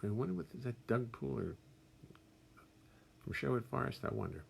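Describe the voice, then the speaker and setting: A man's voice: mid-range voice, lively intonation, a little fast, vocal fry, breathy edge. An older man hosting a casual livestream from his music studio, reading out viewers' names and greeting them with wry jokes. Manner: chatty, warm greetings, wry self-deprecating jokes.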